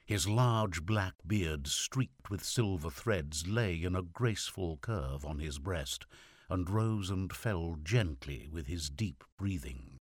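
A man narrating a classic short story as an audiobook, in a measured, expressive reading. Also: low voice, dry recording, clean studio sound. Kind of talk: scripted narration.

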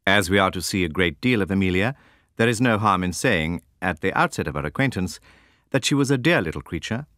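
A man narrating a classic novel as an audiobook, with measured, expressive storytelling. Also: sits low, dry recording, clean studio sound.

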